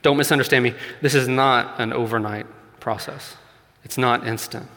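Earnest preacher in a reverberant hall. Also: male voice, medium pitch, steady tone, moderate pace, pushed and bright. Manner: earnest, conversational with light laughs, rising emphasis on key points. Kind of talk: sermon. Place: church hall.

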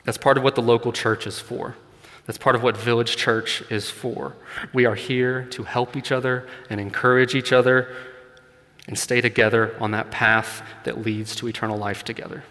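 Recorded in a church hall with long reverb, a man gives a sermon in a bright, forceful mid-range voice with flat delivery and a moderate pace. He speaks earnestly and conversationally, laughing lightly and stressing his main points more and more.

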